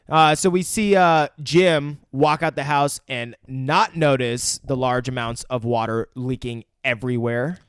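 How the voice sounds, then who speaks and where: A man co-hosting a casual podcast, recapping a movie in an animated, profane way and jumping into the characters' lines. He speaks at a middle pitch into a close microphone, and the recording is dry with no room sound. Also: slow pace, clear, resonant tone, no room sound. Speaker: podcast co-host. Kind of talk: casual movie review chat.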